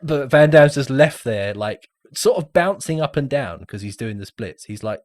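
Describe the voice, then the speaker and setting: A man with a lively, swooping voice recounts a film scene in casual podcast chat, laughing often as he goes. The recording is dry and close. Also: medium pitch, normal speed, no room sound. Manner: laughs a lot while recounting. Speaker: podcast co-host.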